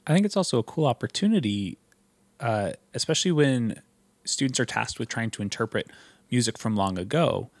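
A man hosting an interview about teaching choir, enthusiastic and quick to laugh. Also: medium pitch, expressive, no echo. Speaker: interview host, choral educator. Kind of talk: casual interview.

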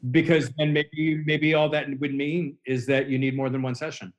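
A man's voice: on the high side, little pitch movement, moderate pace. Earnest man in his forties explaining. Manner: earnest, explanatory, builds on extended imagery. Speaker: hypnotherapist and coach. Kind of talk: casual podcast conversation.

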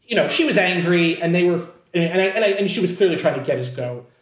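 Male storyteller, rambling and casual, slightly high pitch, roomy echo. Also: lively intonation, quick pace. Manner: rambling, heavy on "like" and restarts. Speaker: podcast co-host telling a story.

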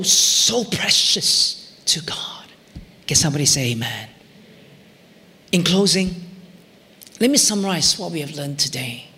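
A middle-aged male pastor preaching a sermon, telling a personal story with swings from near shouts to whispers. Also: high voice, long reverb tail. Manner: emotional storytelling, rising to near shouts in retold prayers, dropping to whispers.

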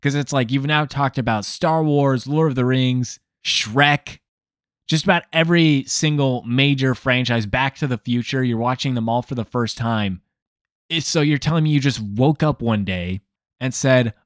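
A man's voice: mid-range voice, normal speed, dry recording, clean studio sound. A man hosting a film review, telling a story with sardonic, exasperated asides.

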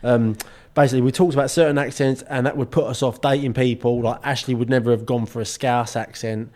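A man's voice: mid-range voice, steady tone, a little fast, a little mellow. A young English man co-hosting a podcast in casual chat, joking around and often slipping into mock accents. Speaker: podcast co-host.

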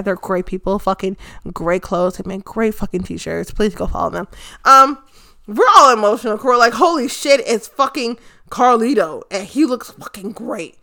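A woman giving a casual, excited and profane recap of a wrestling event, rambling with lots of fillers. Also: medium pitch. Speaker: fan commentator.

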